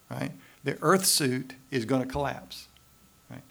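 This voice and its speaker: Guy preaching a sermon, gravelly voice, keeps asking right? as he drives points home. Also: medium pitch, measured pace, bright, forceful tone. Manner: preaching with rising emphasis and frequent tag questions. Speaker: pastor.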